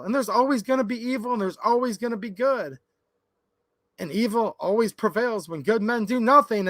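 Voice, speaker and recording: A man's voice: sits high, fairly bright tone, no room sound. A man from Michigan hosting a casual livestream from his workshop, chatty and opinionated, talking straight to his chat. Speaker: gun channel livestream host.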